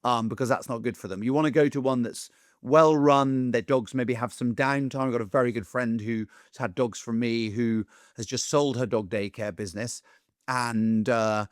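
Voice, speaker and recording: A man speaking as a dog trainer in a loose, chatty monologue, his voice sitting at an ordinary middle pitch. He acts out what other people say in raised voices. The recording is dry and close, with no room sound. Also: no room sound. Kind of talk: casual monologue to camera.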